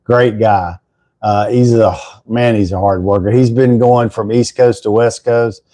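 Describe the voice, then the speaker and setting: A man's voice: fairly low pitch, fairly even intonation, measured pace, mellow, no echo. An older Texan man hosting a casual morning livestream, rambling through stories and thanking viewers by name. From Texas. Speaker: livestream host.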